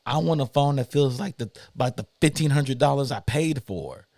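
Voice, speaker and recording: A man's voice: medium pitch, moderate pace, a little mellow, no echo. Opinionated man in a dry room. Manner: opinionated, emphatic ranting. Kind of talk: casual chat.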